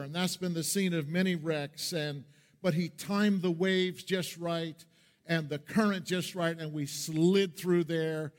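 Earnest pastor telling a story. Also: male voice, sits high. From Pennsylvania. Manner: earnest storyteller, slows down for dramatic moments. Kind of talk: sermon with personal storytelling. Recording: long reverb of a large hall.

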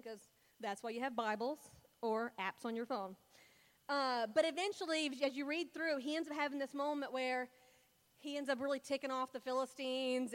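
A young woman giving a casual, playful sermon, retelling Bible stories and acting out the characters in mock voices. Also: high-pitched. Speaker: speaker preaching to a congregation. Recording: long hall reverb.

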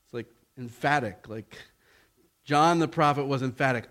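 A man preaching a sermon, slow and deliberate, his voice rising in pitch and force when he presses a point. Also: a bit bright.

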